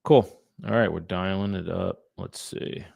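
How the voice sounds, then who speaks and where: Deep gravelly man, casual livestream. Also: a little slow, a little mellow, no room sound, studio quality. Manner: casual, rambling, talks to viewers between calls. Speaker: real estate agent. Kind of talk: casual livestream chat while cold calling. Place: his home studio.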